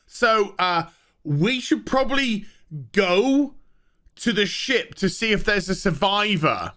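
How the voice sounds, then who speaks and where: A man with a high, bright voice rants about a TV episode, full of sarcasm and swearing. He chuckles at his own jokes and breaks into loud outbursts, and his tone is sharp and forceful. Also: expressive, slow. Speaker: TV show reviewer. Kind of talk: ranting casual commentary.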